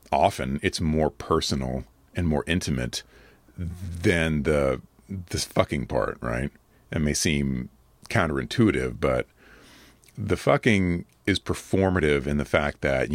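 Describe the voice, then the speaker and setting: Very deep, rough-voiced man. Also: dry recording. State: a little rough from allergies. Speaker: adult video creator answering comments. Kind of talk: casual commentary on viewer comments.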